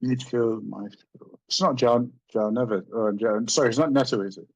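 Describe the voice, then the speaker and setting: A man's voice: mid-range voice, moderate pace, a little mellow, rough recording. A man co-hosting a live chat show, calling out short quiz guesses. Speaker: co-host. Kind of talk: casual livestream chat.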